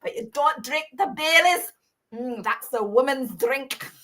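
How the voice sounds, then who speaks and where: A woman's voice: high-pitched, lively intonation, unhurried, pushed and bright, pitched above the performer's own voice, full character voice. A woman putting on a Scottish accent to play a grieving, blustery old widower who talks in a boisterous, hearty way. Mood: confiding.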